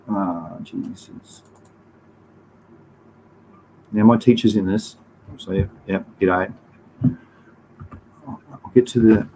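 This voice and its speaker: A man's voice: on the low side, dark tone, a little hiss or hum, low-quality recording. An Australian man in his fifties hosting a casual livestream, talking through slides in a rambling way, chatting to viewers and swearing casually. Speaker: livestream host.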